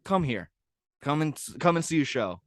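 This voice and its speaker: A man's voice: fairly high pitch, sing-song, moderate pace, dry recording, clean studio sound. A man co-hosting a sports podcast, ranting profanely in casual chat and laughing at his own jokes. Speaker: podcast co-host.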